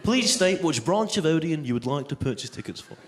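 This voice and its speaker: A man's voice: a little high, very animated, a little hiss or hum. A man mimicking a stiff automated phone line. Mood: robotic. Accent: Scottish. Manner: slow, over-enunciated, robotic politeness.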